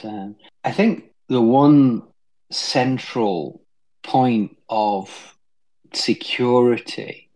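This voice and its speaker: Lowish-voiced British pastor, hesitant. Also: male voice, vocal fry, a little mellow, poor audio. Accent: British English. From England. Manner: hesitant, with many restarts. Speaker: staff pastor. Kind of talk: conversational interview.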